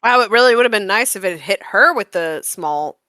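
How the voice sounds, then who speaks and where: A woman playing a tabletop game over voice chat, playful and quick to tease. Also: mid-range voice, expressive, bright, forceful tone.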